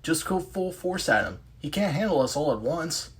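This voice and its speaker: A man's voice: on the high side, expressive, normal speed, pitched above the performer's own voice, natural voice. A man voicing a young male superhero team leader, talking in an urgent, insistent way.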